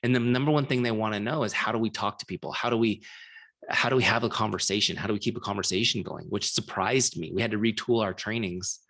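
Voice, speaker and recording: A man's voice: lowish voice, quick pace, vocal fry, fairly bright tone. A middle-aged man giving a casual live training, telling a story and often checking in with his listeners. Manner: casual, chatty, frequent "like" and rhetorical checks.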